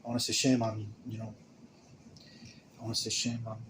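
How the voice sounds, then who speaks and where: A young man talking to camera in a rambling, emotional monologue. He stammers, restarts and repeats words, swinging between mumbling and loud bursts. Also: fairly low pitch, completely flat delivery, brisk, slight background noise.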